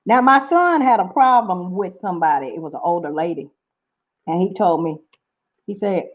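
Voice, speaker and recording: A woman's voice: lowish voice, animated, normal speed, dull audio. A middle-aged woman from Seattle telling stories to camera in a casual vlog, talking emphatically and repeating herself. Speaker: vlogger.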